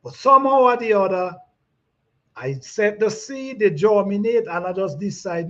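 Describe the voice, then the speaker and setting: A man hosting a gardening chat, reading out comments in a relaxed way, repeating himself and laughing often. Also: sits high, unhurried. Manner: laid-back, repeats phrases, laughs often. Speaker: gardening channel host. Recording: dull lo-fi sound.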